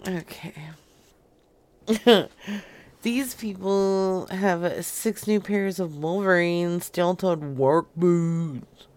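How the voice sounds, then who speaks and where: A woman podcast host with a low, darkish voice speaks very slowly while making crude prank phone calls. She's sassy and brash, laughing often throughout.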